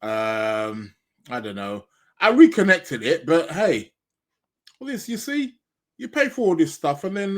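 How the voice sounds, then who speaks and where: Chatty male host, rambling with fillers, talks while eating, slightly high voice. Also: wildly swooping pitch, unhurried. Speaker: podcast host. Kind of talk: casual live-stream chat.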